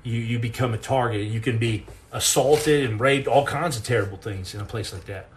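A middle-aged man hosting a podcast, telling a personal story in an earnest, intense way, halting and repeating words as he goes. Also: medium pitch, slight background noise. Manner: earnest and intense, acts out quoted lines.

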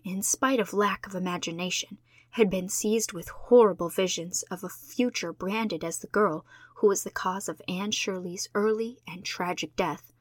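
Expressive woman reading a classic novel. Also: medium pitch, no echo. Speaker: audiobook reader. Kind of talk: storybook narration.

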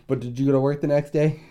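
A man's voice: mid-range voice, steady tone, a little fast, dark tone. A man in casual podcast chat who teases his co-host and pushes him along with questions.

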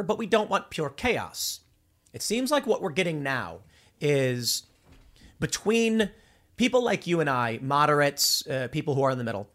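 Animated man rambling through commentary. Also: a little high. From Chicago, USA. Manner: animated and rambling, with frequent restarts and repeated words. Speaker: political commentary host. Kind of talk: unscripted political monologue.

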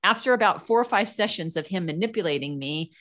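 Woman guest, low voice, animated storyteller who acts out quoted voices. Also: fast. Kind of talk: casual storytelling.

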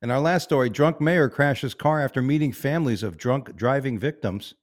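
A man's voice: medium pitch, moderate pace, no room sound, studio quality. A married man co-hosting a podcast, reading news stories in a loose, profane, joking way. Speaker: podcast co-host. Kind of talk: casual crude news chat.

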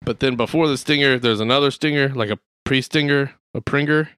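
Male podcast host, bright, lively, profane storyteller, dry close sound. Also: medium pitch, brisk, smooth, no echo. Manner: animated, swears, acts out quotes in exaggerated voices. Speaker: podcast host recapping a movie. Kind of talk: casual chat.

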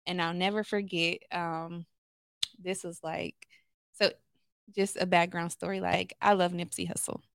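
Woman, lowish voice, smooth and clear, dry close sound, candid podcast guest, therapist. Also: level tone, a little slow, dry recording. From Los Angeles, USA. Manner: candid storytelling, many fillers. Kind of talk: podcast conversation.

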